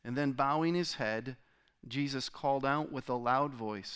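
Man, pastor, sermon, scripture reading, smooth resonant voice, dramatic rises and falls. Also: medium pitch, measured pace. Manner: dramatic reading with sharp rises and drops in loudness.

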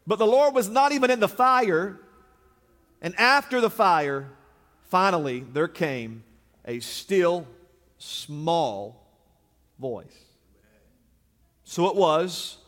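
High-voiced preaching man, reverberant hall. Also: fairly bright tone. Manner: preaching with rising emphatic repetition. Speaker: pastor. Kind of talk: sermon.

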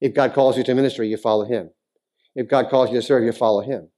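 A man preaching a sermon as a pastor in a church, talking casually with the congregation and then building to emphatic, near-shouted appeals. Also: medium pitch, steady tone, fast. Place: church sanctuary.

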